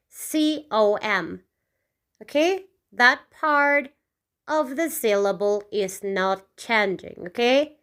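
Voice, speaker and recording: A woman with a slightly raised voice teaches Spanish at an unhurried pace. She pronounces each conjugation clearly, then repeats it. She checks in with "okay?" after nearly every point. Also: a little high, a bit bright. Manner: repeats each word twice, frequent "okay?" check-ins. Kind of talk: slow, repetitive language lesson.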